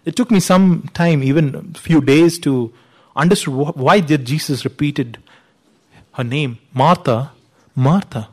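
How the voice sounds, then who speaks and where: A man with a high voice delivers a sermon. He teaches earnestly, often leaning on "you know" and lifting his voice to stress key words. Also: a little slow, husky. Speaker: preacher.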